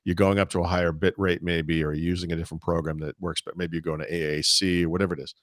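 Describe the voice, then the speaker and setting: A man's voice: low voice, little pitch movement, quick pace, no echo, studio quality. A middle-aged man co-hosting a podcast, chatting casually and rambling through long asides with many restarts. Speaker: podcast co-host. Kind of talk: casual chat.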